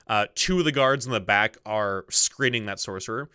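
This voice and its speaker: A man's voice: on the low side, moderate pace, sharp tone, clear, resonant tone, no room sound, clean studio sound. A man running a tabletop role-playing game as game master, describing the scene and rules with many fillers and asides to himself. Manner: many fillers, mutters to himself while setting things up.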